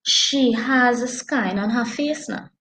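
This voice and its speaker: A woman with a Trinidadian accent, chatting casually about a book as a podcast co-host, telling it with animated dialect. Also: fairly high pitch, slow, reverberant, a little hiss or hum, poor audio. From Trinidad and Tobago. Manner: animated, dialect-heavy storytelling. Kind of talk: casual book review chat.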